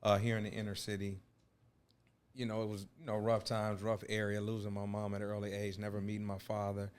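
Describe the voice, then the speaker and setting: Low, even-toned man from Detroit. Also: a little fast, clear, resonant tone. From Detroit, USA. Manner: earnest storytelling with frequent "you know". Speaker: guest, author and basketball coach. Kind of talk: casual interview talk.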